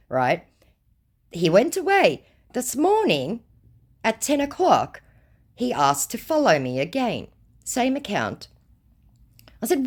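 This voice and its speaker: Sardonic woman host, animated pitch, unimpressed. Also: slow pace, pauses often, breathy edge. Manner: mocking, exasperated. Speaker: channel host. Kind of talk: sarcastic chat reading.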